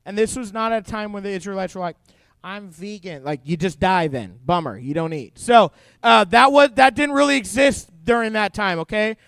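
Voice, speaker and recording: A man's voice: sits high, fairly quick, vocal fry, clean tone, no echo. A young man giving a jokey youth sermon, telling funny stories to teenagers. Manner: jokey, animated storytelling to teens. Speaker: youth pastor.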